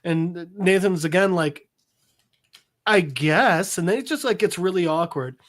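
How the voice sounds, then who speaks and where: A man in his thirties, a podcast co-host, retelling a comic book in casual chat and acting out the dialogue in quick voices with frequent laughs. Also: high-pitched. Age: 30s.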